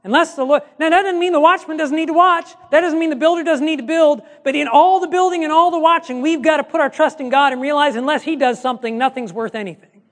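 A man's voice: very high voice, quick pace, fairly bright tone, big-room sound. A man preaching earnestly to a congregation, teaching how to give a Bible study, emphatic and full of restarts. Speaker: pastor.

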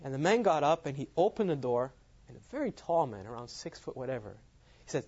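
A man's voice: medium pitch, sing-song, a little fast, darkish tone, breathy edge. A man giving a sermon as he tells a personal story, laughing often at his own lines. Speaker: preacher. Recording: dull lo-fi sound.

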